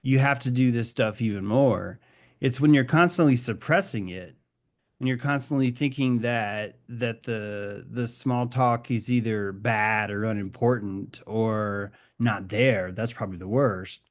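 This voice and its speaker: A man's voice: medium pitch, unhurried. Rambling, musing man leading talk. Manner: rambling, musing, swears casually, restarts often. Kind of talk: reflective group discussion.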